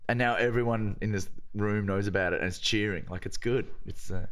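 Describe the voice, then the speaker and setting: A man's voice: fairly low pitch, steady tone, a little fast, a bit bright. An Irish man co-hosting a comedy podcast, chatting casually in a jokey way and laughing easily. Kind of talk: casual chat.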